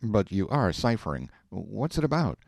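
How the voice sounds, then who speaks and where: Man voicing an eager spendthrift husband, folksy, impatient, low-ish voice, lively. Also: normal speed, creaky, no room sound, clean studio sound, heavily acted. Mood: excited.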